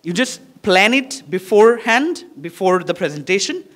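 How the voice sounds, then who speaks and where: A man's voice: high-pitched, sing-song, moderate pace, a bit bright. A male English teacher with a Bangladeshi accent giving a classroom lesson on presentation skills, encouraging and repetitive, demonstrating poses as he talks.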